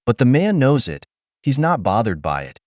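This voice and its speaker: A man's voice: mid-range voice, huge pitch swings, normal speed, a little mellow, dry recording, studio quality. A man giving blunt, lecturing opinion commentary as a voice-over, talking straight to his viewers. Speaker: commentary channel host.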